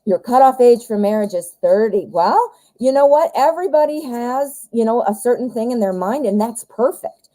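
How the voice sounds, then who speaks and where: A woman's voice: a little high, lively intonation, normal speed, mellow, no echo, low-quality recording. Chatty woman giving a tarot reading. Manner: chatty, encouraging, upbeat. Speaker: tarot reader. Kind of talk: live-stream tarot reading.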